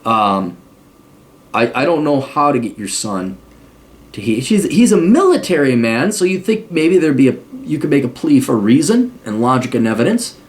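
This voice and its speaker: A man's voice: mid-range voice, sing-song, moderate pace. A middle-aged man hosting an advice podcast, talking bluntly and sarcastically and acting out mock quotes. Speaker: podcast host giving advice. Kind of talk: casual advice monologue.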